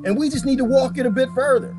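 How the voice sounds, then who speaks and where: A man's voice: very high-pitched, quick pace, music in the background. A man talking casually on a live stream, answering viewer comments by name, rambling and emphatic and often repeating himself. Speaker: vlogger reading viewer comments.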